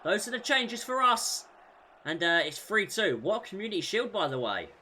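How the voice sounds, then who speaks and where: A man commentating on his own football video game career mode, shouting at goals and groaning at defensive mistakes. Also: sits high, moderate pace, a little hiss or hum. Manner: excitable, shouts at big moments, groans at mistakes. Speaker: gaming YouTuber.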